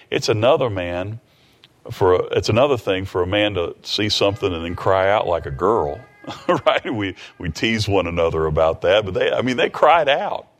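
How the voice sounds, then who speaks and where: A man preaching a sermon in a conversational way, retelling a scripture story with quick asides and restarts. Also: fairly low pitch.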